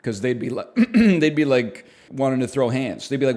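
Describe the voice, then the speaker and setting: A man's voice: medium pitch, big pitch swings, moderate pace, few pauses, darkish tone. A man streaming, chatting casually and riffing wryly on his own jokes with mock-serious asides. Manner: rambling, wry, mock-serious bits.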